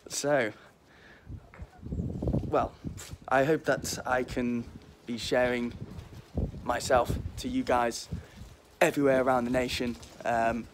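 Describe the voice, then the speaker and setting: A man in his twenties with a mild Liverpool accent, chatting and joking casually as a vlog host while walking outdoors. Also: mid-range voice. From Liverpool, England. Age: 20s. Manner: cheeky, rambling, self-mocking. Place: outdoors in a windy back garden. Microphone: phone held while walking. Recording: faint wind noise outdoors.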